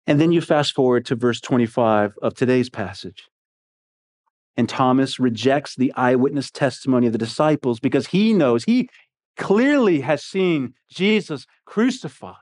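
A man's voice: on the high side, unhurried. A man preaching a sermon in a conversational, emphatic way, often asking his listeners rhetorical questions. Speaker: pastor.

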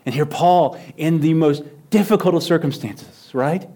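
Male pastor, slightly higher voice, dynamic sermon with big loud-to-soft swings and repeated lines. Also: a little slow, hardly any pauses. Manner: dynamic preaching, swinging from loud emphasis to near-whispers; repeats phrases for emphasis.

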